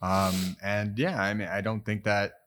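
A man's voice: on the low side, little pitch movement, a little slow, fairly bright tone. A man hosting a podcast, talking in a reflective, hesitant way with many fillers. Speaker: podcast host. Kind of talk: casual podcast conversation.

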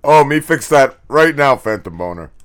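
A man's voice: medium pitch, expressive, normal speed, over music, close to an everyday voice. A man voicing a dim, hairy male ape police officer who speaks in caveman broken English. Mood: dim-witted.

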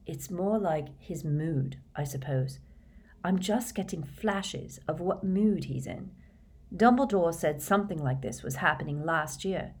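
A woman's voice: animated, measured pace, darkish tone, breathy edge, full character voice. A woman voicing a troubled teenage boy wizard in a storybook reading, speaking grimly and tersely. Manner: grim, short and low-key.

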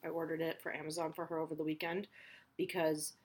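Woman, 30s, podcast host: casual, frank, salty talk, lower register. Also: level tone, quick pace. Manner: chatty, candid, swears freely. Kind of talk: casual personal chat.

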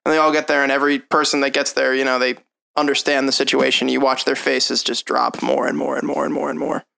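A man's voice: mid-range voice, little pitch movement, fast talker, creaky, sharp tone. A young man narrating a tabletop game as game master, describing scenes in a casual, loose way. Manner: casual, descriptive, breaks into townsfolk voices.

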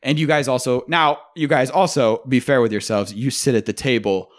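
A man's voice: mid-range voice, steady tone. A young man co-hosting a podcast, rambling and joking with frequent swearing in casual chat. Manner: profane, rambling, quick to joke. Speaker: podcast co-host.

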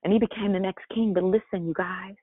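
Woman preacher, mid pitch, surges into passionate exhortation then jokes at herself; lo-fi phone sound. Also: steady tone, fast, slightly rough, dry recording. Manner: builds to fervent repeated exhortations, then drops to asides; chatty, self-correcting and laughing at herself. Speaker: host of a morning leadership devotional. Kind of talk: preaching sermon. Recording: dry, phone-like line.

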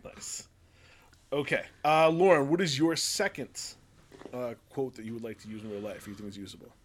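A man hosting a casual podcast game round, upbeat and quick to laugh. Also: mid-range voice. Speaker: podcast host running a quiz round.

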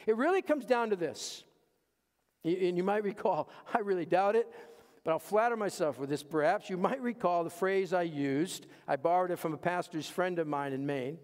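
A pastor with a notably high voice preaches to his church at normal speed, emphatically repeating key phrases. He swings between hushed asides and raised punchlines, and the long reverb of a large sanctuary carries his words.

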